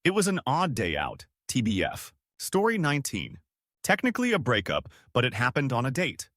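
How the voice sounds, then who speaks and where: A man reading a string of online stories as scripted narration, in a lively storytelling manner. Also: mid-range voice, normal speed, no echo, studio quality.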